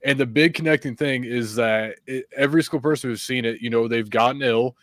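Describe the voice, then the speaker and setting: A man as a podcast guest, telling paranormal stories in casual chat with frequent fillers and quick laughs. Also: mid-range voice, no room sound, studio quality. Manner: animated storyteller, quick laughs, many fillers.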